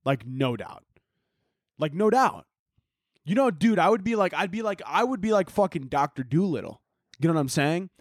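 A man's voice: a little high, very animated, moderate pace, no echo, clean studio sound. A young man hosting a podcast, rambling through casual, profane, jokey chat and laughing often. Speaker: podcast host.

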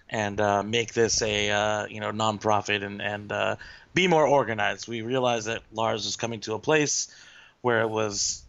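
Gravelly low-voiced man, halting. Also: a bit bright, highs cut off. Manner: halting, many uh and um fillers. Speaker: podcast guest. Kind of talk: casual chat.

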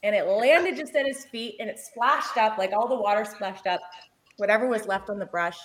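A woman in her forties, a paramedic, telling a work story in casual chat, lively and often laughing. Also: mid-range voice, moderate pace.

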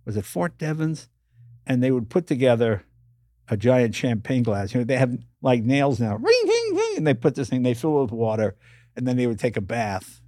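A man's voice: mid-range voice, no echo, studio quality. An older man telling stories in an interview, acting out the voices of people in them. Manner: animated storyteller acting out voices. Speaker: guest. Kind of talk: storytelling interview.

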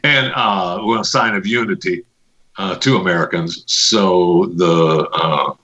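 A man's voice: low-pitched, measured pace, bright, forceful tone, highs cut off. A man hosting a podcast in casual, jokey, rambling chat, testing his microphone on air. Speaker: podcast host. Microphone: studio podcast microphone with adjustable settings.

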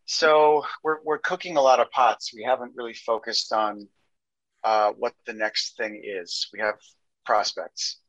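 A man's voice: mid-range voice, fairly even intonation, a little slow, a bit bright, no room sound, lo-fi sound. A man, a film director, chatting loosely as a guest on a podcast, joking and restarting his sentences. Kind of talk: casual interview chat.

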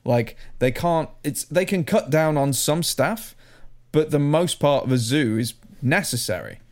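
A man's voice: fairly high pitch, animated, measured pace. A young man hosting a casual chat, recounting odd news stories with stumbling restarts and laughs.

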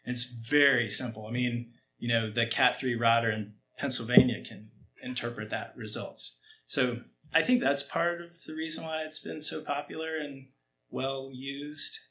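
A man, a cycling coach guest on a podcast, explaining training ideas in an energetic, emphatic way. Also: medium pitch, normal speed, a little hiss or hum. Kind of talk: conversational explanation.

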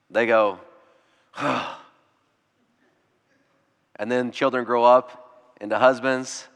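A man's voice: mid-range voice, steady tone, extremely slow, pauses often, a bit bright, smooth, long reverb tail. A male pastor giving a sermon, conversational, acting out short quotes, with children of his own. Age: adult with children. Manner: conversational preaching with acted-out quotes.

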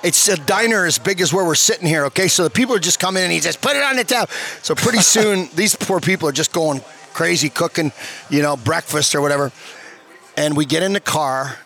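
A middle-aged man, a former hockey player, telling stories as a guest in a casual, animated, profane way, often checking in with "okay?". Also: on the high side, a little fast. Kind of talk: casual storytelling. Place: bar.

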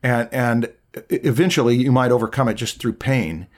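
A middle-aged man co-hosting a casual art chat, giving thoughtful drawing advice in a measured way. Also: mid-range voice. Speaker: art podcast co-host.

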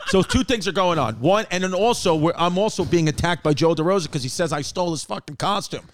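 A man's voice: sits high, quick pace, background noise. A man from New York, a comedian and podcast host, telling rambling stories in casual chat, swearing freely and acting out what others said.

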